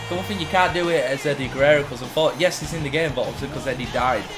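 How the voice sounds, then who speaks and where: A man's voice: a little high, racing, music in the background. A man co-hosting a gaming stream, chatting casually and rambling with laughs. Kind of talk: casual chat while gaming.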